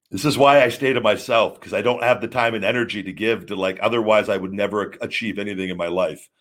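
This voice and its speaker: A man's voice: fairly low pitch, a bit bright. A man hosting a live stream, talking casually in a rambling, blunt way and swearing freely. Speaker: show host.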